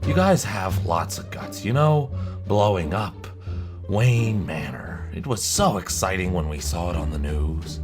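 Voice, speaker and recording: A man's voice: deep voice, lively intonation, a little slow, music in the background. A man voicing a playful, scheming male villain in a game roleplay, sly and teasing. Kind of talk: Minecraft roleplay voice acting.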